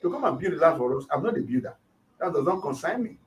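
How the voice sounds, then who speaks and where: Nigerian pastor telling a story, off-mic. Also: male voice, on the high side, quick pace, distant mic, rough recording. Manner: animated retelling with acted quotes. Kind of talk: storytelling interview.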